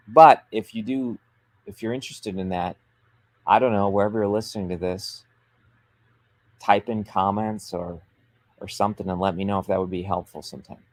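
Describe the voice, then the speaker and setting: A man with a lowish voice talks on a livestream, coaching authors with emphatic, persuasive energy. The sound is close and dry, with no room around it. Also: no echo. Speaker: author coach and show host. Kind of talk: livestream business talk.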